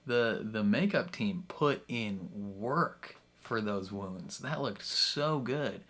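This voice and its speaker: A man's voice: lowish voice, animated, takes it slowly, fairly bright tone. A man hosting a reaction video, talking casually with lots of fillers and frequent laughter. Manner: chatty, full of fillers, laughs often.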